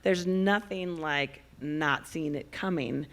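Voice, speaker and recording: A woman filmmaker speaking on a festival panel, telling stories in an animated way and laughing as she talks. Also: low voice, slow pace. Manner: animated storyteller, laughs while talking. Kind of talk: panel discussion.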